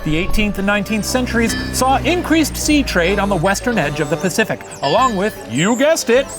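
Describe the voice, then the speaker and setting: A man's voice: big pitch swings, brisk, music in the background. A man doing a flamboyant puppet professor. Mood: storytelling. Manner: theatrical and singsong, big swoops in pitch. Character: flamboyant puppet history professor, male, theatrical. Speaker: host playing a puppet professor. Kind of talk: comedic scripted history lesson.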